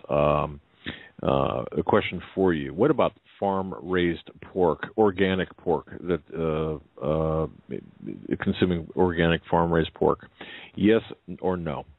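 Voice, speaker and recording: Male talk radio host, very low voice, stammering, dry narrow phone-like sound. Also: no echo. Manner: stammering, repeats words while speaking.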